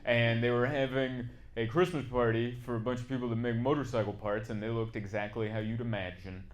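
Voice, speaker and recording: A man doing a stand-up comedy set on stage, chatty and self-mocking, breaking into loud put-on bits. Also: medium pitch, fairly even intonation, a little fast. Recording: live club audience noise.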